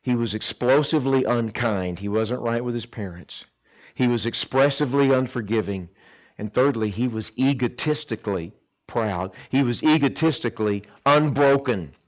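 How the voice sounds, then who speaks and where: A man preaching a sermon at a camp, telling stories with dramatic swings between loud emphasis and hushed pleas. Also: medium pitch, normal speed. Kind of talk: sermon with storytelling. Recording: dull lo-fi sound.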